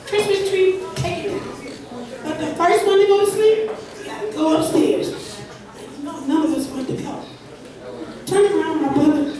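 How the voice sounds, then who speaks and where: A woman comic with a very high voice tells loose, rambling stand-up stories on a club stage. She is heard from a distance in a very echoey room, with a crowd laughing behind her. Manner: loose storytelling with laughs and spooky sound effects. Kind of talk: open mic stand-up storytelling. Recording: echoey club recording from far off. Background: audience laughter.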